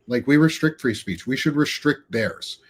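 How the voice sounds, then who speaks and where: A man's voice: medium pitch, normal speed. A man talking politics as a guest, blunt, emphatic and profane. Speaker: guest commentator. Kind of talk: casual political chat.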